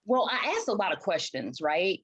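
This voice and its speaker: A woman's voice: mid-range voice, normal speed, slightly rough, no room sound. A woman event planner from Chicago, telling her story in an interview with passion and frequent restarts. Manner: passionate, animated, restarts often.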